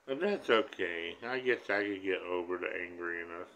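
A man doing a deadpan comic monologue, staying calm and flat while claiming to be angry. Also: low-pitched, normal speed, few pauses. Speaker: comedy video maker. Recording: dull lo-fi sound with faint background hiss.

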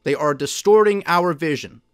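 A man delivers solo commentary in a fairly high voice, pressing his points with emphatic indignation. The sound is dry and close, with no room around it. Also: normal speed, clear, resonant tone, no room sound. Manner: emphatic, indignant, mocking quoted officials. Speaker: podcast host.

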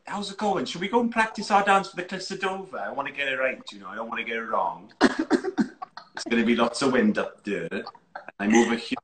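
A man's voice: fairly low pitch, normal speed, long pauses, voice pushed down, close to an everyday voice. A man doing a chirpy young Welsh woman.

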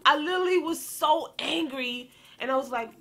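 Brief: young woman vlogger, slangy and animated, talks to viewers directly, bright voice. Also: high-pitched, moderate pace, soft background music. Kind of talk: storytime vlog.

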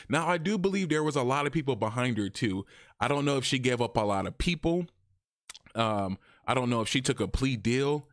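A man talking casually in a review vlog, chatty and animated, his voice jumping higher when he quotes people. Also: no room sound, clean studio sound. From Arizona, USA. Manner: chatty, animated, often rises in pitch when quoting. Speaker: YouTube reviewer.

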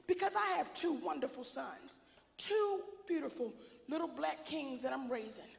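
A woman working a stand-up crowd in a brassy, sassy style, her high voice roughened by gravel. She belts out her punchlines. The sound rings through a large, echoey hall. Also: moderate pace. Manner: brassy, bold and sassy, often shouting punchlines. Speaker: stand-up comedian. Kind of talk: stand-up comedy set.

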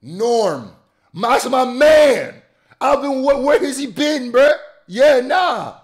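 A man, a rapper, giving casual, animated commentary full of slang and exclamations while reacting to a music video. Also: very high-pitched, slow.

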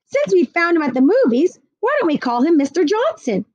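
A woman puts on a sarcastic, complaining boy for a storybook reading, pitched high with a whiny edge. The sound is dry and slightly dull. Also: very animated, brisk, darkish tone, no echo.

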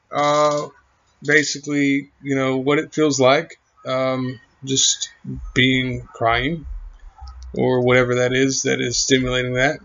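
A man's voice: medium pitch, fairly bright tone. Rambling man on a muffled recording. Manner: halting, full of fillers and trailing thoughts. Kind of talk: rambling monologue.

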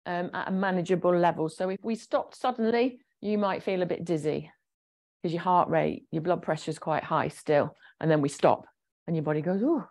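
A woman's voice: lowish voice, normal speed, darkish tone. Chatty woman leading exercises. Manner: encouraging, chatty, explains each movement. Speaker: fitness instructor. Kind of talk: guided exercise class.

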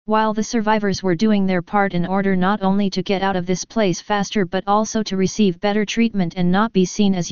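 A woman narrating a web novel audiobook in an even, steady reading voice. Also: medium pitch, clean tone, dry recording, lo-fi sound. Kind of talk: scripted narration.

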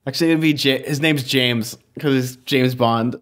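Young guy on a podcast reading a choose-your-own-adventure book out loud, cracking jokes in between, mid pitch. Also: moderate pace, hardly any pauses. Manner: reads the book in a storytelling voice with jokey asides. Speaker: podcast host. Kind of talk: casual chat, reading a gamebook aloud.

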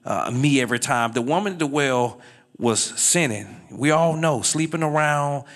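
An expressive middle-aged guest speaker delivers his life testimony at a moderate pace. He lowers into a quiet register for the story and then swells loud and high while exhorting the listeners.

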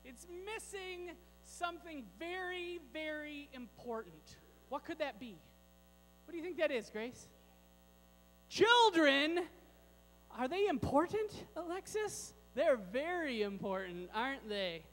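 With a fun, joking manner toward kids and adults, a man with a very high voice leads a children's sermon. Long reverb fills the large church sanctuary around him, and a faint mains hum sits low underneath. His speech is slow, sing-song and fairly bright.

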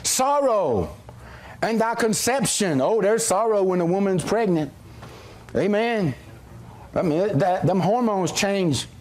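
High-voiced preacher, folksy and joking. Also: male voice, lively intonation, slow pace, a little mellow. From South Carolina. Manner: jokey, folksy, playful with the congregation. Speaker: assistant pastor. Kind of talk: sermon. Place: church sanctuary.

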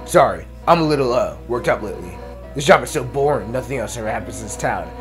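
A man voicing a bored, brash female fish-monster police officer, talking loud and gruff. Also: medium pitch, animated, fast, soft background music, natural voice.

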